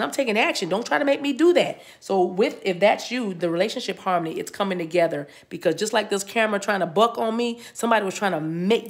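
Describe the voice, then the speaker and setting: A woman giving a chatty spiritual reading to her viewers. She talks in a casual, playful way, laughs often and breaks into snatches of song. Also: medium pitch. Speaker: tarot reader.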